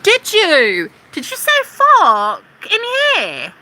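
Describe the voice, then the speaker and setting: A whiny, prissy scold of a woman, as a streamer puts her on, nagging in a shrill, mock-outraged tone. Her voice sits very high and swoops wildly up and down, with a bright, sharp edge. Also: huge pitch swings, takes it slowly, slight background noise, heavily acted. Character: prissy whiny scolding female chat viewer.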